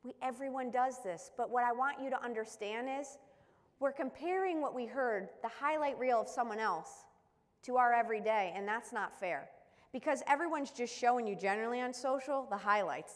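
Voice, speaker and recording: A woman's voice: fairly high pitch, brisk, in a large hall. A woman who works as a mental skills coach, giving an emphatic motivational talk full of rhetorical questions. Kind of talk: motivational live-stream talk.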